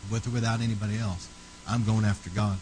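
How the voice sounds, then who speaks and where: A man preaching a fervent sermon, rising to loud, emphatic peaks and then dropping low and quiet. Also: steady tone, quick pace, slight background noise, rough recording.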